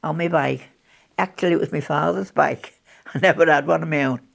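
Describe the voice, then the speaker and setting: Gravelly older woman. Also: sits low, a little fast. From Birkenhead, England. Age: 80s. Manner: chatty storyteller, laughs often. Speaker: interviewee. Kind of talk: recalling wartime memories in conversation.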